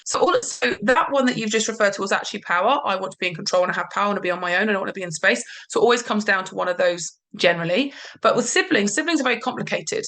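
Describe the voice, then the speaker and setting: A woman parenting coach explaining calmly in a podcast conversation, sometimes voicing what a parent or child might say. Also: mid-range voice, racing, hardly any pauses. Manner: calm, explanatory, acts out parent and child lines.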